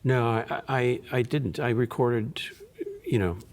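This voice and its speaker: A man, a guitarist being interviewed, who talks in a relaxed, thoughtful way and often repeats and restarts his words. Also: mid-range voice, takes it slowly.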